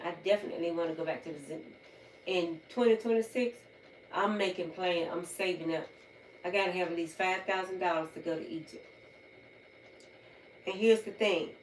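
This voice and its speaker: A woman's voice: fairly low pitch, slight background noise. A woman hosting a livestream in casual chat, chatty and repeating her points for emphasis. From United States. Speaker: livestream host. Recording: roomy sound, far from mic, faint ambience.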